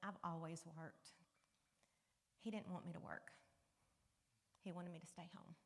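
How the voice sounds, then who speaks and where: A woman's voice: lowish voice, fairly even intonation, a little slow. A woman giving a candid personal testimony to a church congregation, talking conversationally and dropping to near-whispers at painful moments. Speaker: guest speaker sharing a testimony. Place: church sanctuary. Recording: long reverb of a church hall.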